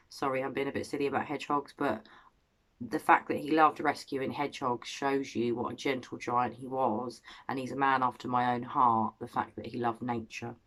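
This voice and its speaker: A woman's voice: a bass voice, level tone, moderate pace, a bit bright. An English woman in her thirties, from Cambridge, telling a true-crime story in a casual, earnest and heartfelt way. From Cambridge, England. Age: 30s.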